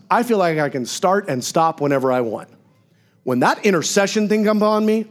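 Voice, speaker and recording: A male pastor giving a sermon in a church, preaching in a conversational, animated way with frequent asides to the congregation. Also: high voice.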